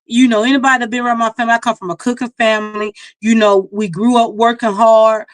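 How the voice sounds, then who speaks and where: A woman's voice: fairly high pitch, level tone, fast talker, no room sound. A middle-aged woman from Mississippi with a country Mississippi accent, telling folksy stories as a singer guest in a casual interview. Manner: folksy, storytelling, laughs at herself.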